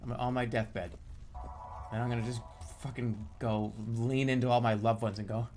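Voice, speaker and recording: A man's voice: mid-range voice, normal speed. Profane, ranting male streamer. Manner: profane, excitable ranting with loud outbursts. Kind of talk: live-streamed gameplay commentary.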